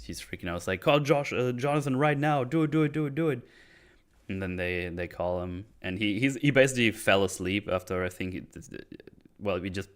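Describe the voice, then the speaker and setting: A man hosts a casual podcast about movies, retelling scenes with acted-out quotes and swearing. His voice sits low and is a bit bright.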